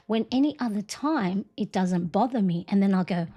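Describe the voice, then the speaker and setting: A woman's voice: medium pitch, expressive, moderate pace, hardly any pauses, mellow, husky. Middle-aged lady chatting on a planner livestream, easygoing, lots of "you know" and "right?", close mic. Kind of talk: casual chat.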